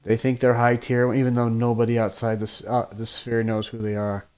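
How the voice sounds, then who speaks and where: Casting note: young adult man, indie comics creator, mid-pitched, hesitant and rambling, lots of restarts. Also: monotone, a little fast, darkish tone, clear, resonant tone. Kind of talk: casual podcast chat.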